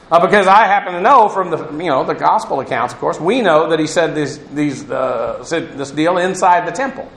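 A man's voice: high-pitched, fairly bright tone. A man giving a verse-by-verse Bible teaching, talking in a discursive way with many restarts and asides. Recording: roomy echo.

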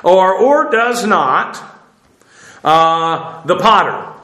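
A man teaching a verse-by-verse Greek text lesson, halting with many fillers and restarts and spelling words out letter by letter. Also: high voice, lively intonation, bright, forceful tone, roomy sound, low-quality recording. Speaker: Bible teacher.

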